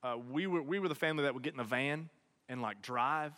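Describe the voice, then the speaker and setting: A young man tells a comic personal story to an audience, animated and constantly checking in with "okay?" and "right?". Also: on the high side, fast, long reverb tail.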